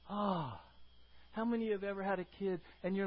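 A pastor preaches a sermon, shifting between loud, emphatic teaching and soft, quiet asides while calling out to the congregation for responses. His voice is high and his speed normal, and the recording has its highs cut off.

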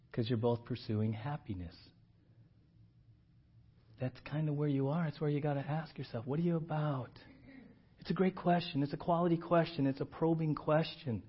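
A man preaching a sermon with a somewhat husky voice pitched a little above most men. He tells the story loosely and animatedly, slipping into slang. The recording is muffled and lo-fi. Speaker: pastor.

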